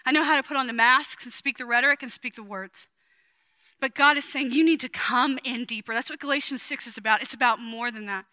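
A woman in her forties preaching to women in a chatty, emphatic way, with sudden loud bursts of energy. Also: a little high, fast, no echo. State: sweating. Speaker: women's ministry speaker. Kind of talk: sermon.

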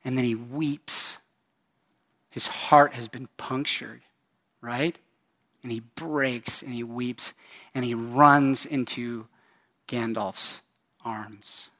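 Man, pastor, sermon, emphatic, pleading, unhurried delivery. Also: mid-range voice, steady tone, bright, forceful tone. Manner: earnest, emphatic storytelling with pleading appeals.

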